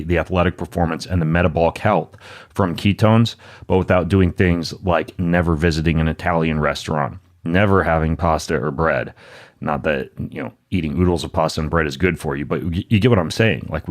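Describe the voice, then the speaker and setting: A man with a very low voice hosts a podcast. He reads sponsor spots and introduces his guest in an upbeat, chatty manner, dropping in quick joking asides. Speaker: podcast host.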